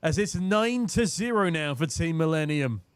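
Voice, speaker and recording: A hoarse young man casting an esports match from a booth, with quick, joking play-by-play. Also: on the high side, lively intonation, no room sound. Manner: quick, jokey, punning play-by-play. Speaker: esports caster. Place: casting booth at a live event.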